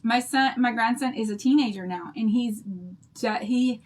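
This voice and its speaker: A woman's voice: fairly high pitch, moderate pace. An older woman hosting a craft livestream, chatting to her viewers in a bubbly, rambling storytelling way.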